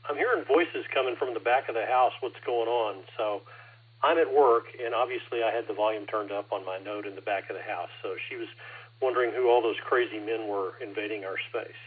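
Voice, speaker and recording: A wry man with a husky voice telling a short story while checking in on a ham radio net. He comes through a tinny, phone-like radio line. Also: lowish voice, brisk.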